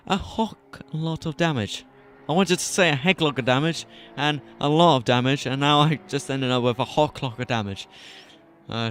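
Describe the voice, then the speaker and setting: A British man calls a sim race live from the commentary box, his voice sitting at an ordinary middle pitch. He mixes quick race updates with chatty, joking asides. A faint hum of noise sits under him. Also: fairly bright tone.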